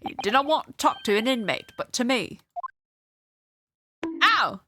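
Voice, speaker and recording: A woman voicing a hostile, suspicious male prison governor in a put-on Scottish-style brogue, loud and threatening. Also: on the high side, big pitch swings, measured pace, slight background noise, voice pushed up, exaggerated voice. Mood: gruff.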